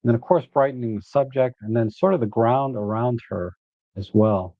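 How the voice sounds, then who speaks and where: A man hosting a live photo editing walkthrough, relaxed and thinking aloud as he works. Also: mid-range voice, moderate pace, dry recording, narrow, tinny audio.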